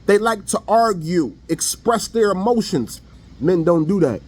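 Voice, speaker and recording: A man's voice: high voice, lively intonation, measured pace, darkish tone. A man giving a blunt, preachy opinion monologue online in casual slang. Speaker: online commentator.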